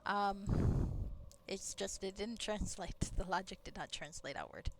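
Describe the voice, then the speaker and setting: A woman's voice: mid-range voice, a little slow, heavy background noise. A woman streaming a game, chatting casually and rambling with frequent laughs. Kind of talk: casual gameplay commentary. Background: game music.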